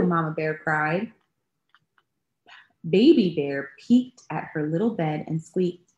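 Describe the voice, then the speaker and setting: A woman pastor reads a picture book aloud to children at a slow, gentle pace. She is animated and often stops to ask her young listeners questions. The voice echoes in a roomy space. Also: low voice. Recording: roomy echo.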